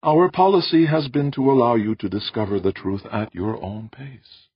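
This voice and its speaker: A man voicing a calm, courteous alien elder who explains patiently and placidly. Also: mid-range voice, normal speed, slightly rough, no echo, highs cut off, voice pushed up, natural voice. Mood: calm, placating.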